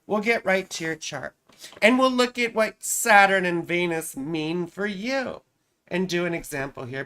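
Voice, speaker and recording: A woman's voice: on the low side, fairly bright tone. A woman astrologer hosting a casual live stream. She talks in a chatty, self-amused way, often repeating her phrases and tossing in "right?".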